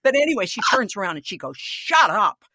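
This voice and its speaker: A woman's voice: mid-range voice, rapid-fire, slight background noise. A woman in her sixties, a podcast co-host, telling a story in casual chat and acting out the voices of the people in it. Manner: animated storyteller, acts out voices.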